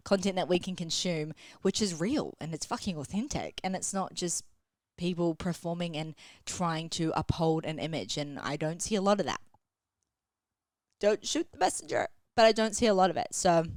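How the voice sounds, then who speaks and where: A young woman in her twenties talks straight to her listeners in a frank, casual solo podcast, swearing freely. Her voice sits a little low. The sound is close and dry. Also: no echo. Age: 20s. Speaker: podcast host and women's coach. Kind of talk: candid solo podcast chat. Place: at home, sitting on the floor against a wall.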